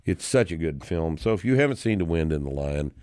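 Low-voiced man in his sixties, rambling. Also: lively intonation, a little fast, no room sound, clean studio sound. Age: 60s. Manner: rambling, restarts often, grows loud and indignant. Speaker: podcast host. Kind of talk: casual chat about movies.

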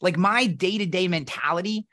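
Podcast guest, male, bright and forceful tone, slightly high, blunt and profane storyteller. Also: normal speed. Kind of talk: casual conversation.

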